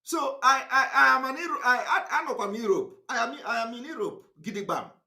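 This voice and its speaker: A man's voice: very high-pitched, fairly quick, bright, forceful tone. A man with a Nigerian accent giving an impassioned live online broadcast, emphatic and defiant, repeating his points. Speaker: activist broadcaster.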